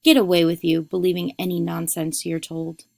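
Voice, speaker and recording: A woman's voice: fairly low pitch, animated, a little slow, gravelly, darkish tone, no room sound. A teacher reading as a sneering working mother. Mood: scornful. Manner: sneering, dismissive. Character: scornful, grumbling working mother, a maid. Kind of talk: read-aloud storytelling.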